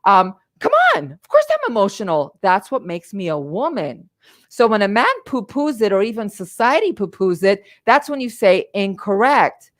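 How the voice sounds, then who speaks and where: A woman's voice: medium pitch, big pitch swings, normal speed. A middle-aged woman on a live stream, giving a passionate motivational talk as a coach, emphatic and full of repeats. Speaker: life coach and livestream host.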